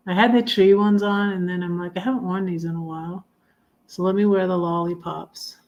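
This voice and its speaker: A poet and blogger hosts a relaxed live stream, chatting casually and reading her own poems aloud in a soft, lowish voice that often drops to a quiet murmur. Thinking aloud, she halts, restarts her sentences frequently, and trails off.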